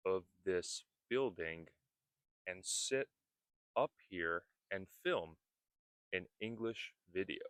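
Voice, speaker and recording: A man teaching English, speaking slowly and deliberately and repeating words to model their pronunciation, recorded outdoors on a rooftop. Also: low-pitched, fairly bright tone, smooth, dry recording. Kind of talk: slowed-down teaching talk. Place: outdoors on a building roof at a construction site.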